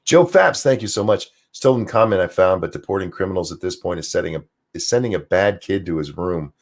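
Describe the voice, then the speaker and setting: A man's voice: sits low, animated, brisk. A man hosting a ranting political livestream, swearing freely and reading out viewer donation messages. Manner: profane, ranting, reads donor messages aloud. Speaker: political commentary livestream host. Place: home, near geese outdoors.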